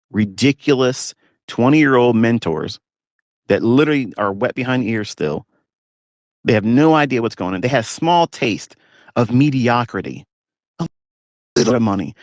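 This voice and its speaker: A man's voice: medium pitch, expressive, normal speed, long pauses, no room sound, studio quality. A man talking as a trading mentor, blunt and ranting, mocking others in a live audio talk from inside a parked pickup truck. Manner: blunt, ranting, mocking rivals in put-on whiny voices.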